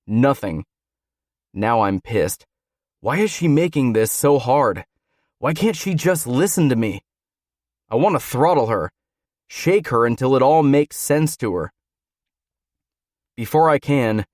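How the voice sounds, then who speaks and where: A man's voice: medium pitch, a little mellow, no echo, clean studio sound. A man reading a first-person romance audiobook in a brooding, intense manner. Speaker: audiobook narrator. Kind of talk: scripted first-person narration.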